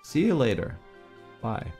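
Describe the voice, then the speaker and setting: A man's voice: mid-range voice, huge pitch swings, measured pace, warm tone, faint music behind. Joking young man streaming a video game. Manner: joking, reads game dialogue aloud with lots of laughs. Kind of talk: casual gameplay commentary.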